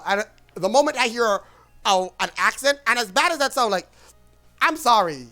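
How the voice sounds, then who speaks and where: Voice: medium pitch, expressive, fairly quick, pushed and bright, faint music behind. A streamer in a casual livestream rant, rambling and blunt, with frequent swearing.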